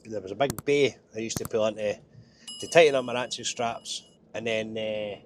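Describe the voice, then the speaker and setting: A Scottish truck driver with a head cold talks in a nasal voice from his cab in a casual driving vlog, chatty, wry and poking fun at himself. His pitch is fairly low and his pace moderate, with a little hiss or hum on the recording.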